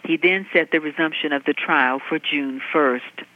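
Woman reporting over a dull line. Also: low-pitched. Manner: measured, even reporting delivery. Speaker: news correspondent. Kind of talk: reported news segment.

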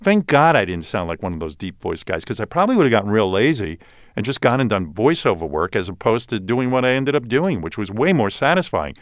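A man's voice: lowish voice, a little fast, dry recording, studio quality. A man in his sixties with a New York accent, a radio host telling stories as a guest in an interview, with many restarts. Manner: animated storytelling, many restarts. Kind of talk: casual interview talk.

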